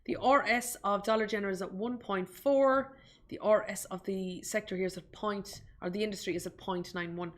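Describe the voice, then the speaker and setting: A woman's voice: medium pitch, fairly even intonation, moderate pace. Irish woman, live investing tutorial host, chatty and self-deprecating, talks straight to the viewers. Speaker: investment webinar presenter. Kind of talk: live screen-share stock tutorial.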